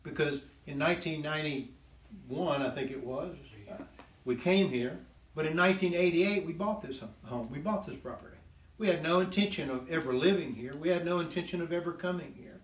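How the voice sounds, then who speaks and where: A man casually telling the story of his faith testimony, animated and laughing often, dropping lower when he quotes God. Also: normal speed, echoey room. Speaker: guest sharing his testimony.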